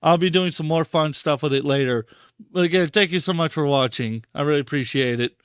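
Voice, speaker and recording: A man's voice: on the high side, a little fast, smooth, no echo, clean studio sound. A man hosting a live stream, talking casually and repeating himself in disbelief, stammering for words. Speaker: podcast host and streamer.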